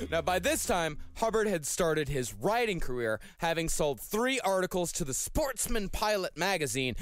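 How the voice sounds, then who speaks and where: A man hosting a comedic podcast, telling a history story and reading sponsor copy in a relaxed, storytelling way. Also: high-pitched, moderate pace, few pauses, over music. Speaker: podcast host.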